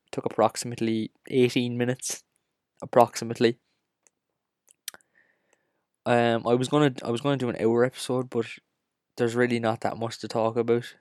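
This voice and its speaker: An Irish man with a Cork accent hosting a solo podcast, ranting and joking in an excitable, casual way. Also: medium pitch, moderate pace, long pauses, no echo, studio quality. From Ireland. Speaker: podcast host.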